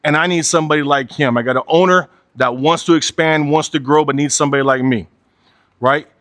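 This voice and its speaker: A man's voice: on the high side, fairly quick, fairly bright tone, no echo, clean studio sound. A man in his forties giving a candid motivational talk, blunt and profane, driving his points home with repetition and a habitual "right?". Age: 40s. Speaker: motivational speaker.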